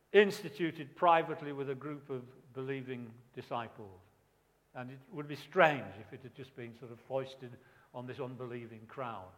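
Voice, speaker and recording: Male preacher, higher voice, emphatic, rhetorical questions, long reverb of a church hall. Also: a bit bright. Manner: emphatic, repeats key phrases, asks rhetorical questions. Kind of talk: sermon.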